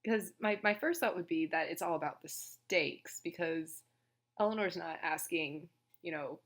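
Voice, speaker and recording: A woman's voice: sits low, fairly even intonation, moderate pace, a bit bright. A woman hosting a channel about stories, speaking in a thoughtful, hesitant way, her voice starting to give out. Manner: thoughtful, hesitant, restarts sentences. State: losing her voice. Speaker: story discussion channel host. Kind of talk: reflective casual commentary.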